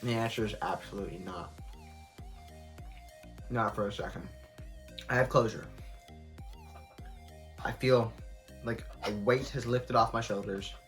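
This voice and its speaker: A man's voice: lowish voice, unhurried, long pauses, a bit bright, faint music behind. A young man vlogging casually while eating, talking candidly and rambling with lots of fillers, sometimes with food in his mouth. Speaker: mukbang vlogger.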